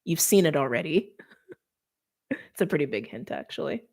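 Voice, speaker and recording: A woman with a slightly low voice gives a relaxed, chatty tarot reading to camera. She talks to her viewers as if they were friends, peppering her talk with "like" and quick little laughs. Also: gravelly. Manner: talks straight to viewers by sign. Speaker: tarot reader.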